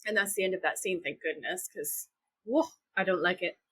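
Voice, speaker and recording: In a casual podcast recap, a young woman co-host animatedly walks through scenes and quotes the characters in her own voice. She speaks on the low side at normal speed, with a fairly bright, slightly rough tone, on a low-quality recording.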